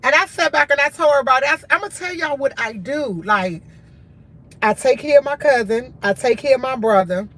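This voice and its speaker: Talking briskly in a high, slightly bright voice, a tired woman hosts a livestream, speaking candidly and earnestly in short, repeated phrases. She's an adult in college and has a school-age son.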